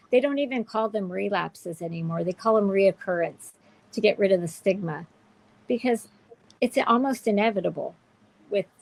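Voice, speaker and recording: Earnest woman with a gravelly voice. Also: medium pitch, dry recording, rough recording. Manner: heartfelt, emotional, many restarts. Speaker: show host. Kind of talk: candid livestream chat.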